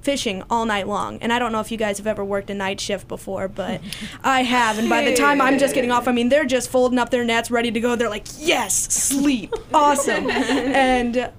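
A woman's voice: on the high side, fairly even intonation, fast, crowd noise. A young woman casually retelling a Bible story in a study group, chatty with many fillers and restarts. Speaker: Bible study participant sharing a passage.

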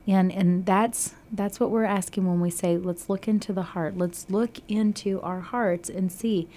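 A woman's voice: mid-range voice, steady tone, measured pace, dark tone, slight background noise. A woman from Texas co-hosting a Christian radio show, talking earnestly through scripture with frequent restarts. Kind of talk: devotional radio talk.

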